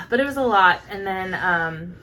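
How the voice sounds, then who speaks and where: Podcast co-host, woman, 30s, casual storyteller, mid-pitched, slight background hiss. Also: slow. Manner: animated storyteller, acts out quotes with laughs. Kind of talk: casual chat.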